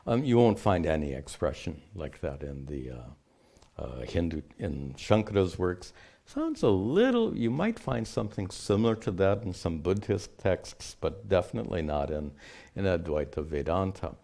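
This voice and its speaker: A man, a spiritual teacher, answering questions in a measured, explanatory way. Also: low-pitched, very animated, creaky, warm tone. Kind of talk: unscripted teaching talk.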